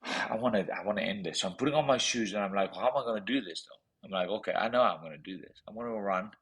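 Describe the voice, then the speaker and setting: A man's voice: on the low side, rapid-fire, a bit bright, poor audio. A man with a South African accent, a podcast guest telling a personal story with intensity, often repeating phrases. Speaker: podcast guest, professional boxer.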